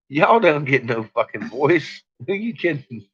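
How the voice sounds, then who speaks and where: A man's voice: a little high, big pitch swings, unhurried, fairly bright tone, breathy edge. Swearing, laughing man ranting on lo-fi stream. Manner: profane and ranting, breaks into frequent laughter. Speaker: livestream host talking to his chat. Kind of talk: late-night ranting livestream chat. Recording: dull lo-fi stream audio.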